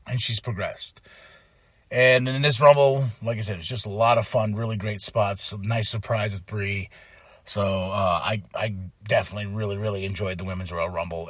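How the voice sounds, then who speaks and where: A man's voice: medium pitch, creaky, fairly bright tone, no echo. A man hosting a podcast, recapping in a casual, emotional, rambling way with lots of restarts. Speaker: podcast host.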